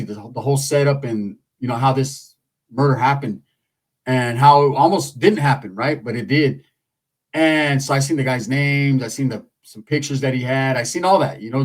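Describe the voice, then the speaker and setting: A man telling a story in a casual, slangy, profane way, animated throughout. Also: medium pitch.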